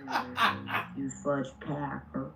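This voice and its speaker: A drunk woman in a voice chat, mumbling and hurling taunts on a low mic. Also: big pitch swings, drawn-out words, vocal fry. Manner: taunting, insulting. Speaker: voice chat participant. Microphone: low-level mic. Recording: dull lo-fi mic with faint noise.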